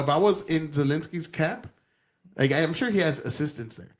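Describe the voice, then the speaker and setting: Man, podcast co-host, rapid talk, slightly high voice, animated and profane. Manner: animated, profane, acts out quotes. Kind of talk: casual political chat.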